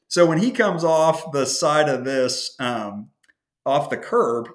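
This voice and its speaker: A man's voice: on the high side, fairly bright tone. A man from the American Midwest hosting a podcast, telling a long anecdote in a rambling, self-interrupting, casual way. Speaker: podcast host. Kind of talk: casual conversational storytelling.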